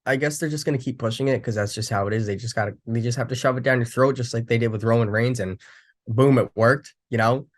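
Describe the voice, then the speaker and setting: A man's voice: medium pitch, fast. A young man casually recapping a wrestling show, rambling with frequent restarts and fillers.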